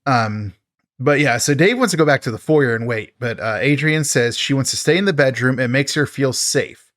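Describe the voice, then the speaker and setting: A man talks through a film's plot on a podcast, loose and rambling, with lots of fillers and wry asides. His voice sits in a middle pitch. The sound is dry and close to the mic. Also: moderate pace, fairly bright tone, no echo. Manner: rambling, filler-heavy, laughs at the film. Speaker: podcast host. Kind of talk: casual film recap.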